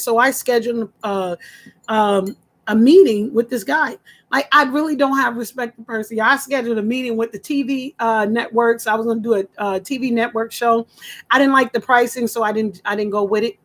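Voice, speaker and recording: A woman who once hosted a radio show, casually telling a story to her viewers and acting out the voices she quotes. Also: moderate pace. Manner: animated, acts out quoted voices with big pitch jumps. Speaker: former radio host.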